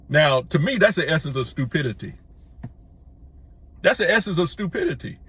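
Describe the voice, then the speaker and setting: A man's voice: fairly high pitch, animated, brisk, pauses often, a bit bright, breathy edge, no room sound. A middle-aged man hosting his own channel, giving an emphatic opinion monologue with repeated phrases and stammered restarts. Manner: emphatic, repetitive, restarts with stammered false starts. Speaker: YouTube channel host.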